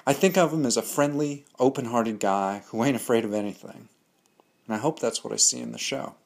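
Male host, mid-pitched, scripted review monologue, candid, opinionated, dry humor. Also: brisk, vocal fry, a little mellow. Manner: candid, opinionated, dryly joking. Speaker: host of a comics analysis show.

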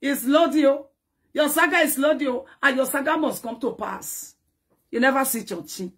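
A woman's voice: high-pitched, moderate pace. A woman ranting in a dramatic, scolding social media commentary, taunting and repeating herself.

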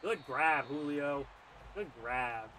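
Excitable young man calling his game plays. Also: fairly high pitch, slow pace, slight background noise. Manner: excitable, swings from muttered play-calling to loud outbursts. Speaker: gaming YouTuber. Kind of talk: live commentary on his own football video game play.

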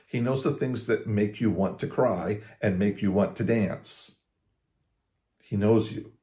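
A man with a lowish, mellow voice gives a casual devotional talk as a pastor. He talks conversationally, restarts his phrases and slows down to lean on scripture. The recording has a roomy echo. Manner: conversational, with frequent restarts and slow emphasis on scripture.

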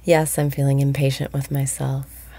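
A woman guiding a meditation, speaking slowly and softly, often breathy and whispered. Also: rumbling low, flat delivery. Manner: slow, soft-spoken, often breathy and whispered. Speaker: meditation guide. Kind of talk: guided meditation.

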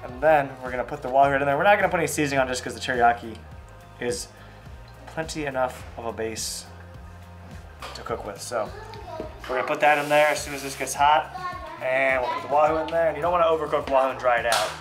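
A man's voice: medium pitch, quick pace, music in the background. A man hosting a casual home cooking vlog, chatting easily and explaining each step as he cooks. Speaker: family fishing channel host. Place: home kitchen.

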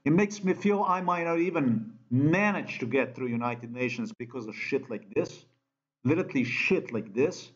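A man's voice: mid-range voice, animated, normal speed. Ranting Slovenian-accented man, lo-fi. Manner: ranting, profane, repetitive non-native phrasing. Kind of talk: angry monologue. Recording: dull lo-fi sound.

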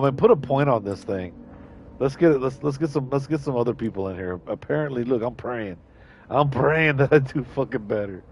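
A man livestreams a shooter game, hurling profane trash talk at opponents and shouting at enemies. His voice is mid-range, and the lo-fi recording carries a little hiss or hum.

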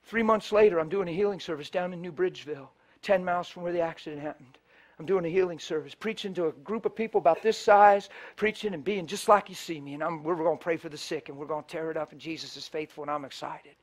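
Animated high-voiced male preacher. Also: fast talker. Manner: animated storyteller, acting out both sides of phone calls. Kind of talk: storytelling sermon. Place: church before a live congregation.

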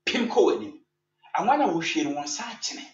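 A man with a Ghanaian accent, a church elder preaching a sermon and telling a story with lively sound effects and English phrases mixed in. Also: high-pitched, a little fast. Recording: echoey, distant, dull with faint hum.

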